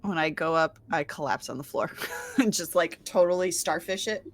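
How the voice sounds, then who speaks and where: A woman's voice: lowish voice, moderate pace. A woman playing a tabletop game, talking in a giggly, playful way. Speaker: player.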